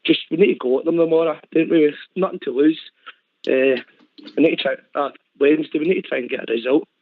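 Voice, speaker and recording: Quick eager caller, phone line. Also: male voice, a little high. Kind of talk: casual phone-in chat. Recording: phone-line call audio.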